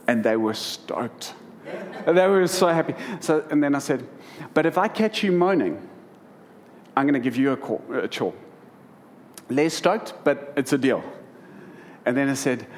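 Man preaching a sermon. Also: medium pitch. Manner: humorous, storytelling to a congregation.

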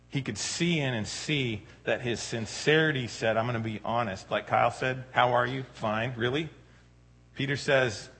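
A man's voice: mid-range voice, vocal fry, a bit bright. A man preaching a sermon in a conversational way, with frequent fillers and retold dialogue. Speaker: pastor.

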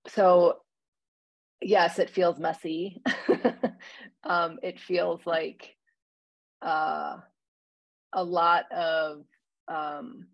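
A woman in casual conversation as a church minister, talking reflectively with many pauses and fillers. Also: fairly low pitch, fairly even intonation, no room sound, poor audio. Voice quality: husky, gravelly.

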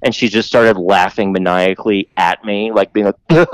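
A man on a podcast casually telling a rambling, profane story, mimicking other people in a higher voice. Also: smooth, no room sound, poor audio.

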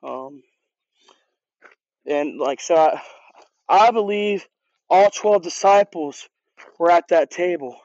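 Earnest high-voiced man preaching casually. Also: slow, long pauses, darkish tone, no echo. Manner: earnest and conversational, with many restarts and repeated words. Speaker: youth group leader. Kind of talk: casual sermon. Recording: dull, dry lo-fi recording.

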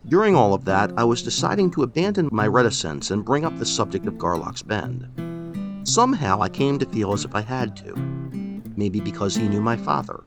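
A man narrating a first-person story in a measured, expressive way. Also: fairly low pitch, music in the background. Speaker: audiobook narrator.

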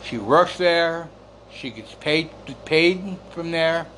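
Man, high animated voice, slow rambling rant, occasional coughs, light background hiss. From United States. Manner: exasperated, rambling, swears, repeats words. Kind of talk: casual storytelling rant.

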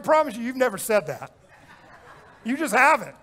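A man preaching a sermon as pastor, swinging between loud urging and quiet reflection, repeating phrases and joking with the congregation. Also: very high voice, sing-song, normal speed. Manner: repeats phrases for effect, jokes and chuckles.

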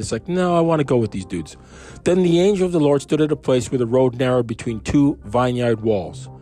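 A man reads scripture in a mellow, darker voice, then drifts into relaxed, rambling commentary full of restarts. He sounds like he is thinking out loud. Faint music plays softly behind him. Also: mid-range voice. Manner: musing, chatty asides, frequent restarts and chuckles. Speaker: Bible reader and commentator. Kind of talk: casual Bible reading with commentary.

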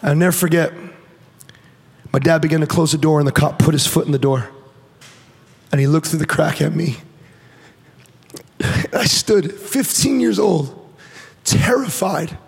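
A man giving an animated personal testimony to a church audience, acting out the voices in his story and often restarting sentences. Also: on the high side, measured pace, gravelly, long pauses, breathy edge, long reverb tail. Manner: animated storytelling, acts out quotes, repeats and restarts. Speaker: guest speaker.

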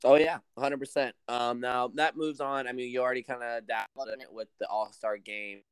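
Male podcast co-host, energetic banter, dry close-miked. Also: mid-range voice, clean tone, dry recording. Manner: excitable, quick reactions and banter. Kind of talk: casual sports chat.

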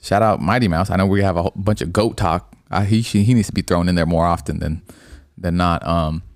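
A young man with a low voice rattles through fight talk at a quick clip, excitable and full of swearing and bro. The sound is dry and close, with no room around it. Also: no echo. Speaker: podcast co-host. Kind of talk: casual sports chat.

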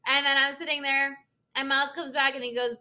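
A young woman with a high, bright voice tells a long story in casual chat. She talks in loose, filler-heavy bursts and curses freely. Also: brisk. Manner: animated storytelling, lots of "like" fillers and swearing.

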